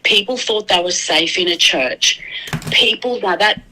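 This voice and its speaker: A woman's voice: medium pitch, unhurried, bright, forceful tone, a little hiss or hum, poor audio. A woman with an Australian accent, a guest on a talk show, speaking earnestly with many restarts. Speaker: guest commentator. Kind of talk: casual talk show discussion.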